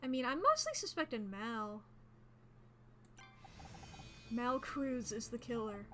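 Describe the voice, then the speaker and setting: A woman streaming a detective game, who reads its dialogue aloud and chats casually, joking and thinking out loud. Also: on the high side, big pitch swings, takes it slowly, a little hiss or hum. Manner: chatty, jokey, thinks out loud.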